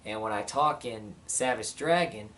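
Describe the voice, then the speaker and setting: A man's voice: lowish voice, moderate pace, a bit bright, recorded from a distance. A man talks through viewer questions in a loose, rambling way, filling gaps with "uh" and "you know." He sits a little back from the mic. A faint hum of room noise runs behind him. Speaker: vlogger. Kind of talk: casual Q&A vlog.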